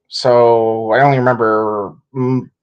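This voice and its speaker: A man co-hosting a casual chat, teasing his friend with deadpan jokes. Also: mid-range voice, slow, smooth, lo-fi sound. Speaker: podcast co-host.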